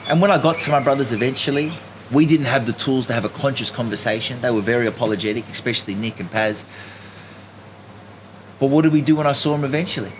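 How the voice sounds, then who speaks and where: A man telling a story in an animated, emphatic way as a podcast guest. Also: mid-range voice, quick pace, noisy background. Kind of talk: casual storytelling chat.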